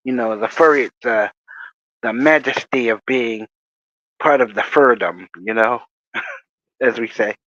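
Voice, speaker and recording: A man's voice: medium pitch, measured pace, pauses often, a bit bright, no room sound. A man hosting a casual livestream, rambling through jokey stories with chuckles. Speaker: livestream host. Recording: dry, muffled lo-fi audio.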